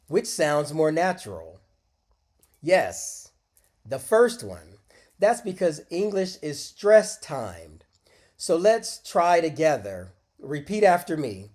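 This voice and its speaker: A man teaching a short English lesson, speaking deliberately and modeling phrases for learners to repeat. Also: fairly high pitch, big pitch swings, darkish tone. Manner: slow, deliberate, encouraging, models phrases aloud for repetition. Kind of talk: scripted micro-lesson with screen demo.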